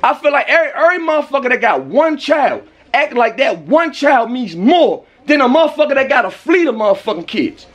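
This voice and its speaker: Man, very high voice, angry rant, shouting, profane, vlog. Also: big pitch swings, a little fast, few pauses, dull audio. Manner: profane, heated, often shouting. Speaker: vlogger.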